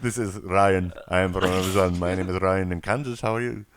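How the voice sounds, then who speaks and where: A man's voice: sits low, steady tone, brisk, pitched below the performer's own voice. A man voicing a pushy male phone scam caller who is overly polite and pleading. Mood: chirpy.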